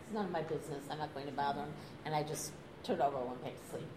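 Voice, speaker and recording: An older woman tells a story with an animated, chatty delivery, slipping into acted-out quotes and laughing as she goes. Her voice sits a little low. The recording is echoey, with steady noise underneath. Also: very fast. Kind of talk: casual anecdote telling.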